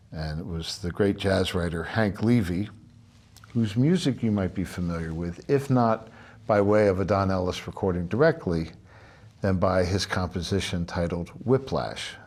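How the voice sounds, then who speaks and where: Very low-voiced man teaching drums. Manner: relaxed, chatty, many filler "uh"s. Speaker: drum instructor. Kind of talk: spoken music lesson.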